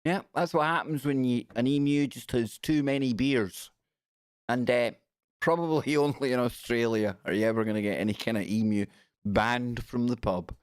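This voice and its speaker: A man's voice: medium pitch, normal speed, smooth, no room sound, clean studio sound. Chatty man hosting a live stream. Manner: chatty and jokey, giggles while reading. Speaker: radio show host. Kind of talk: casual live-stream chat.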